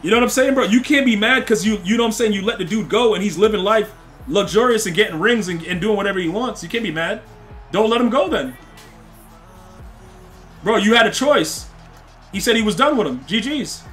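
With soft music behind him, a young man speaks in a high, fairly bright, animated voice at a fairly quick clip. He's streaming a game, casually chatting with viewers and trash-talking opponents in rambling slang.

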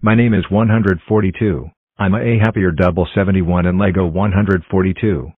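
A cheerful male number block from a cartoon, voiced by a man, states his name in a flat announcing way. The voice sits low. The sound is tinny and phone-like, with no room echo. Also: moderate pace. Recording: tinny dry lo-fi audio.

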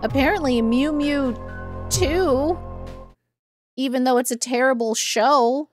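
Woman voicing a deadpan nerdy lizard lady, high and slow. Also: faint music behind. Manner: deadpan, blunt. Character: nerdy female lizard scientist, blunt critic.

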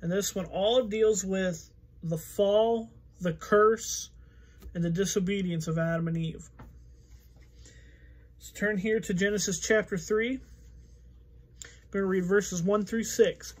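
Male pastor, high-pitched, relaxed conversational Bible teaching with frequent fillers. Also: slow pace, long pauses. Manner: conversational, thinking aloud with fillers.

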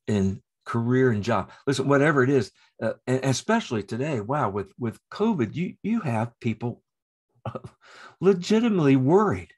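A middle-aged man preaching a sermon as pastor, animated, chuckling now and then and stumbling into restarts. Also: mid-range voice.

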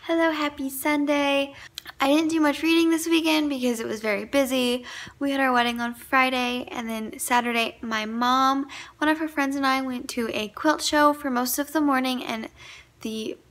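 A woman's voice: high voice, steady tone, normal speed, fairly bright tone. A young woman chatting casually in a vlog, enthusiastic and a little rambling as she talks through her week and her books. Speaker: book vlogger.

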